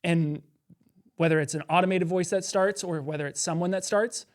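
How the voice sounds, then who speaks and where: Guy with a high voice on a podcast, just chatting and telling stories. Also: steady tone, normal speed. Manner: chatty storyteller, mocks callers with put-on lines. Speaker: podcast co-host. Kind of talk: casual podcast chat.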